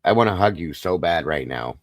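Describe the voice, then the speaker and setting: A man hosting a live stream, talking softly and consolingly to viewers in the chat. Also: deep voice, animated, fairly quick, dry recording, clean studio sound. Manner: soft, consoling, emotional. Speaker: livestream host.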